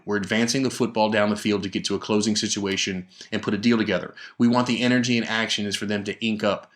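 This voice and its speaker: A man hosting a sales coaching podcast, talking in an emphatic, energetic motivational style and repeating key words for stress into a podcast microphone. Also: on the low side. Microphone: studio podcast microphone.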